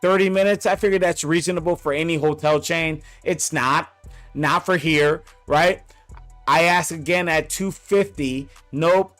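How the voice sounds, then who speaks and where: A man's voice: on the high side, fairly even intonation, a little slow, fairly bright tone. Angry profane man ranting over music. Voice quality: blunt, profane, repeats himself for emphasis. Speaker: vlogger.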